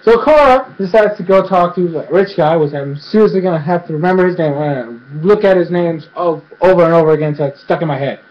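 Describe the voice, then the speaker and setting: Excitable rambling male reviewer. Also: a little high, quick pace, hardly any pauses. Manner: rambling, excitable, fills speech with 'freaking' and 'like'. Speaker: show reviewer. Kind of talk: excited casual episode recap. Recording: dull lo-fi recording.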